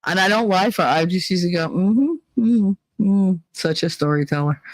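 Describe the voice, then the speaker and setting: Speaking fast in a fairly low pitch, this middle-aged livestream host runs a casual chat stream. She shares frank, profane stories and performs the characters in them, and there is no room sound.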